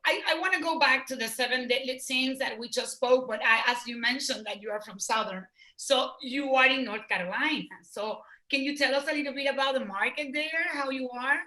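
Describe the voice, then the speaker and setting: A woman host with a Dominican Spanish accent and a high, bright, sharp voice. She asks questions haltingly, with many fillers, and her voice echoes in a roomy space. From Dominican Republic. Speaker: interview host. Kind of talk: casual interview. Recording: echoey room.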